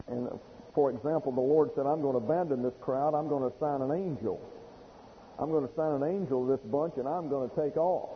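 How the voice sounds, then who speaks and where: Folksy preacher in an echoing hall. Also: male voice, fairly high pitch, slight background noise. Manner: folksy, explanatory, slows for emphasis. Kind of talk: expository sermon. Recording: dull lo-fi recording in a reverberant hall.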